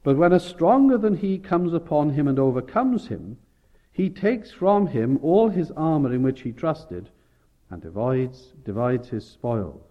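A man's voice: on the high side, expressive, measured pace, muffled recording. A man preaching a sermon, explaining scripture and rising to emphatic peaks. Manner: expository, rising with emphasis, self-correcting.

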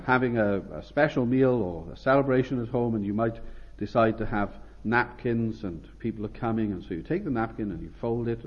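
A man delivers an expository sermon in a measured, explaining way. His voice sits at a middle pitch and climbs sharply when he repeats a call aloud. The recording is dull and lo-fi. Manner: measured, rises sharply on quoted calls. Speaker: preacher.

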